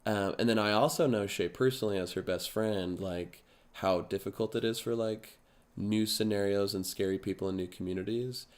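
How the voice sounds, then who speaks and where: Chatty man with a low voice. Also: fairly even intonation, normal speed. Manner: chatty, jokey, thinks aloud. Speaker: comedy performer being interviewed. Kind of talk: casual interview chat.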